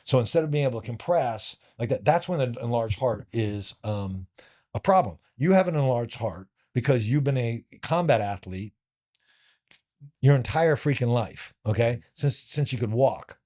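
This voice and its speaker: A man's voice: mid-range voice, normal speed. Man telling a story animatedly. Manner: animated, talks in restarts with many "like"s. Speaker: podcast guest, former professional fighter. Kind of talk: casual storytelling conversation.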